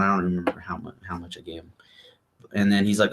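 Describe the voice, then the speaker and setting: Low-voiced man telling an animated story. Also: a little fast. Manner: animated, acts out quotes of others. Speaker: vlog host. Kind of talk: casual storytelling chat.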